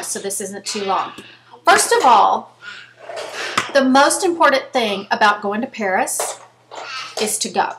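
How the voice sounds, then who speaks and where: A woman's voice: on the high side, background noise. A woman in her fifties, chatting earnestly to her viewers and telling a story straight to camera. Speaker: vlogger. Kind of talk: casual chat to camera.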